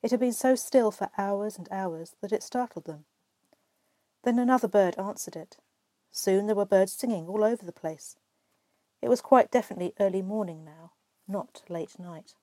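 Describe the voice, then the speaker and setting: A woman reading a storybook aloud with expressive, measured narration. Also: mid-range voice, no echo. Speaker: reader.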